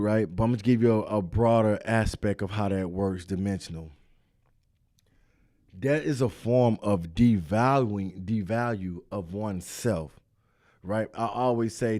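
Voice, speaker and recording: Slangy, low-voiced man talking casually. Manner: animated, repetitive, slangy street talk. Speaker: host. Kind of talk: casual chat.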